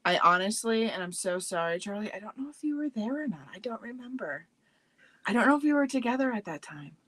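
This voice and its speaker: This is a young woman co-hosting a casual podcast, and her voice sits a little high. She is an animated storyteller who curses casually and acts out her own frightened squeals. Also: a little fast, no echo. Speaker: podcast co-host. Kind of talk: casual chat.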